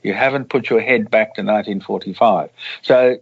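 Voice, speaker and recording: A man's voice: lowish voice, normal speed, creaky, husky, narrow, tinny audio. An Australian man, an author and journalist, telling rambling anecdotes in a casual interview over a call.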